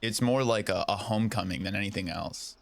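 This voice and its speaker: A man talking as a guest in a casual chat, hesitant and halting, often restarting his sentences. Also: on the low side, creaky, no room sound.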